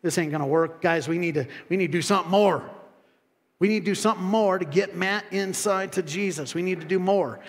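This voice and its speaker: A pastor doing a rowdy good-old-boy helper with a drawl, in a high voice that rings through a hall with a long echo. He sounds eager and down-to-earth. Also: brisk. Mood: urgent.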